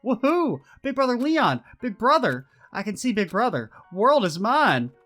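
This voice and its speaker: Guy putting on a bubbly lovestruck teen girl voice, way high and bouncy, game music low behind. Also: very animated, racing, a bit bright, heavily acted. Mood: giddy. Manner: squealing, gushing.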